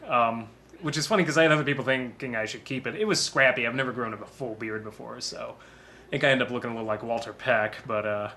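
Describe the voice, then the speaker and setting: A man's voice: mid-range voice, steady tone, fast, pushed and bright, a little hiss or hum. A man giving a casual DVD commentary on his own film, rambling and self-deprecating and laughing often.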